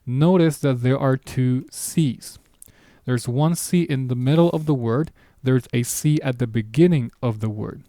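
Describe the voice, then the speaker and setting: Male language teacher, mellow voice, dry close sound, patient and methodical. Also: medium pitch, no room sound. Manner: patient, explains step by step, slows down for example words. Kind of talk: beginner language lesson at a whiteboard.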